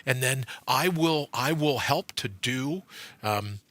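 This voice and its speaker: A man's voice: medium pitch, animated, takes it slowly, a bit bright, no echo. A male podcast host in casual studio chat, joking and laughing often.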